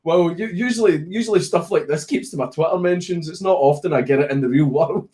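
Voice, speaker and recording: A man's voice: fairly high pitch, a little fast, darkish tone. A young Scottish man, a streamer, casually telling a story with lots of swearing and laughing at his own punchlines.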